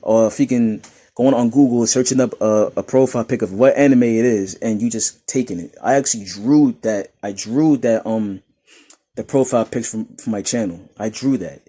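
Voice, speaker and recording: Young dude from new york roasting comments, laughs a lot, kinda husky. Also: male voice, medium pitch, normal speed. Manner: laughing, mocking, animated rants. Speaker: YouTuber reading comments. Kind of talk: casual commentary reading comments.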